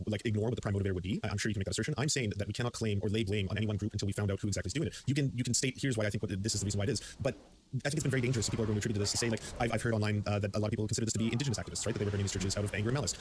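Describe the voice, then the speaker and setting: A man with a fairly low voice argues his point in an online debate at a brisk clip. He sounds measured and emphatic, repeating his key points as he goes. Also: fairly even intonation, background noise. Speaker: debate participant.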